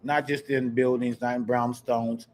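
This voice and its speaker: A man from Kansas hosting a live podcast, telling stories in an animated, chatty way and talking straight to his viewers. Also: medium pitch, measured pace. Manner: animated storyteller, chatty, addresses viewers directly. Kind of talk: casual live-stream chat.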